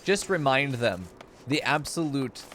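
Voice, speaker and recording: A man's voice: medium pitch, expressive, measured pace, a bit bright, a little hiss or hum. A man streaming a game, joking crudely and laughing often in casual commentary.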